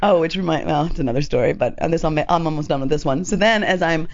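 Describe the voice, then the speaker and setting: A woman's voice: low voice, fast, dull audio. A woman co-hosting a radio show, chatting casually and telling stories with lots of "like" and frequent giggles. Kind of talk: casual chat.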